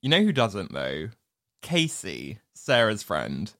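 A woman's voice: rumbling low, huge pitch swings, takes it slowly, fairly bright tone, dry recording, studio quality. A woman co-hosting a casual podcast chat about a film, playful and wry, laughing often. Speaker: podcast co-host.

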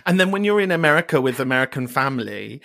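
A man with an Irish accent hosting a podcast, chatting casually with quick teasing asides. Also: mid-range voice, expressive, vocal fry, fairly bright tone, no echo, studio quality. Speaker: podcast host. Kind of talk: casual chat.

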